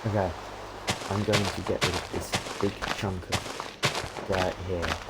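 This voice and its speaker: His voice sits low and fairly even, and he talks slowly as he plays on stream. The young man chats casually and thinks out loud between tasks, with keyboard clicks making the audio noisy.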